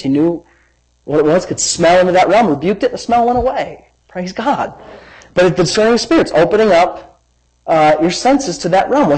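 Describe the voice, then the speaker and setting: A man preaching a sermon as pastor, reading scripture with lively emphasis and wandering into personal asides. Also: fairly high pitch, husky, low-quality recording. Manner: animated, dramatic scripture reading with rising emphasis; rambling asides and self-corrections.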